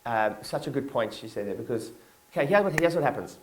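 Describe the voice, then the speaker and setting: A man's voice: medium pitch, expressive, fast talker, slight background noise. A man giving a motivational keynote to his staff in a conference hall, talking casually with lots of fillers and calling on the audience to respond.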